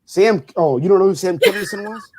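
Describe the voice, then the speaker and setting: A man's voice: high voice, expressive, fairly quick, darkish tone. A middle-aged man co-hosting a casual chat show, rambling and teasing like a big brother. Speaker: co-host.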